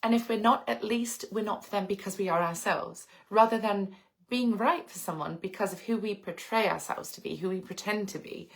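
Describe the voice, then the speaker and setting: A woman from England in her late thirties hosts a casual livestream, speaking at normal speed with a medium-pitched, creaky voice. She reflects at length and answers viewer comments.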